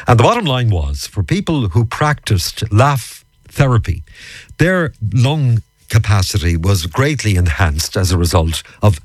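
A man's voice: on the low side, breathy edge, no room sound. An Irish man presenting a morning radio show, interviewing a guest in a friendly, teasing way. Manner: friendly, teasing, lively intonation.

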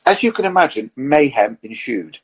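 A man telling lively anecdotes in a relaxed podcast chat, acting out the quotes in his stories. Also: mid-range voice, normal speed, breathy edge, rough recording. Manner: animated storyteller, acts out quotes.

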